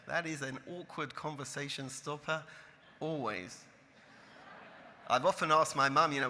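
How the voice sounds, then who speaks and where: A man, a rabbi telling stories to an audience in an animated, emphatic way. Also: medium pitch, long reverb tail, slight background noise. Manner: animated, building to emphatic peaks. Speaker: rabbi, lecturer. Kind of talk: storytelling talk to an audience.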